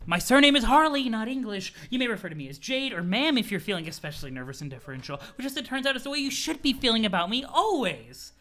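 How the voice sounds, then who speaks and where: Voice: mid-range voice, very animated, fast, few pauses, a bit bright. Une voix qui joue une jeune femme pompeuse et autoritaire. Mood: haughty. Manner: pompous, haughty, commanding. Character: pompous domineering young woman commander. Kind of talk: reading a webcomic aloud with voices.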